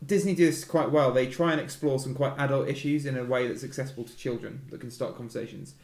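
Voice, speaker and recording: A man in his thirties, the host of a chatty film podcast, with a wry, teasing way of talking. His voice sits at an ordinary middle pitch, and it rings in a roomy space with a lot of echo. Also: fairly even intonation, a little mellow. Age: 30s. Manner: wry, teasing, quick asides. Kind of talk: casual film chat.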